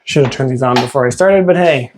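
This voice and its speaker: A man's voice: mid-range voice, a little fast, noisy background. A man working as a realtor, narrating a casual walk-through of a house with chatty, enthusiastic exclamations as he moves from room to room. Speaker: realtor giving a home tour. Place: inside a house, walking room to room.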